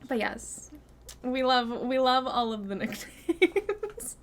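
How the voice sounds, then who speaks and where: A young woman streaming a game, chatting casually to her viewers, giggling and thinking out loud. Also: sits high, big pitch swings, slow. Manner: chatty, giggly, talks to chat and herself. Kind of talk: casual gameplay chat.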